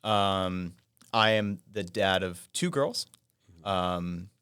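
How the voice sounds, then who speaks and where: A man in his thirties, co-hosting a podcast, speaks in soft-spoken, storytelling chat with joking asides. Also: low-pitched, steady tone, extremely slow, clear, resonant tone, no echo, clean studio sound. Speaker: podcast co-host. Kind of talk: casual chat.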